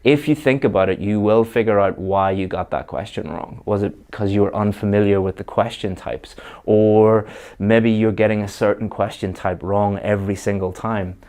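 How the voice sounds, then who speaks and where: A man's voice: on the low side, fairly even intonation, moderate pace, darkish tone. A man giving a spoken English exam lesson, conversational, with fillers and repeated words.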